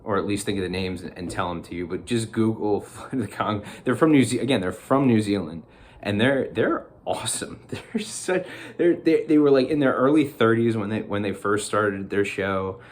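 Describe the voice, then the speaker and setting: Man vlogger, fairly low voice, rambly and excitable, laughs a lot, casual chat to camera. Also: moderate pace. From New Jersey, US.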